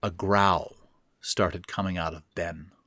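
A man narrating a first-person horror story in a measured, deliberate way. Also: sits low, fairly even intonation, sharp tone, no room sound, studio quality.

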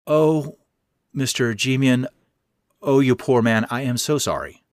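A man's voice: mid-range voice, a little slow, no room sound, studio quality, pitched above the performer's own voice, lightly acted. A man voicing a sympathetic female hospital nurse who apologizes and soothes.

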